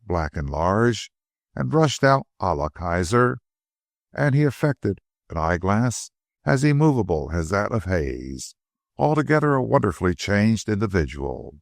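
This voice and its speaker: A man's voice: lowish voice, gravelly, dry recording, studio quality. A man reading a classic mystery novel aloud as an audiobook narrator, voicing the characters' dialogue. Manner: expressive reading, acting out dialogue. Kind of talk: scripted narration.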